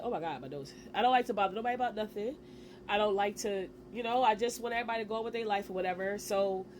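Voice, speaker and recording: A woman in her forties telling a personal story to camera in a casual, animated way, with slang and quick asides. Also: medium pitch, a little hiss or hum. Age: 40s. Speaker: vlogger.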